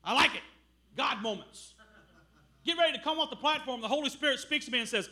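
A middle-aged man preaching a sermon as a missionary, telling stories with loud bursts. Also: very high voice, brisk. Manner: animated storytelling with loud bursts.

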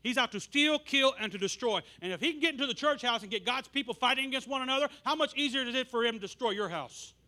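A man preaching a sermon, telling stories with animated bursts of shouting. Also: very high voice, quick pace, hardly any pauses.

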